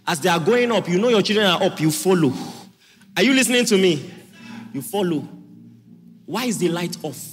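A male pastor preaching a sermon in a church, forceful and repetitive, often asking the congregation if they are listening. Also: high-pitched, animated, moderate pace, long pauses. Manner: forceful preaching, repeats lines, asks audience if listening. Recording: hall reverb with faint music.

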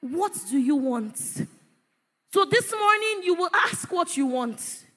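Woman preacher, bright tense voice, energetic shouted sermon in a church hall. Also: very high-pitched, takes it slowly.

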